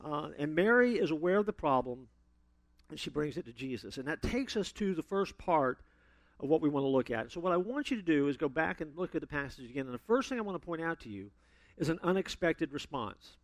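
Pastor guy giving a sermon, kinda high voice, does the voices in his stories. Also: sing-song, fairly quick, no echo. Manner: storytelling, acts out quoted voices with big swings.

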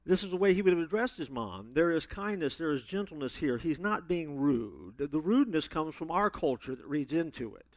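Man preaching, lively swooping voice, slightly high, sudden loud emphasis, dry close sound. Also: fairly quick, hardly any pauses, no room sound. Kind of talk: sermon.

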